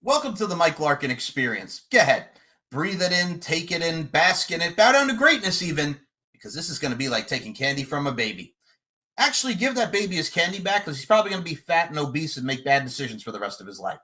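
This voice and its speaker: A man's voice: a little high, sing-song, fast talker, pushed and bright. A man with a brash, boastful manner, cutting a profane, taunting wrestling trash-talk promo as a podcast personality.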